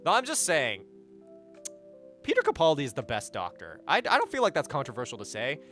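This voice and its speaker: A young man chats on a live stream and reads out viewer messages, swearing freely and wandering from topic to topic. His voice is bright and a little sharp, and his pitch swings up and down a lot. Faint music plays underneath. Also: brisk. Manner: animated, profane, rambling. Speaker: livestreamer.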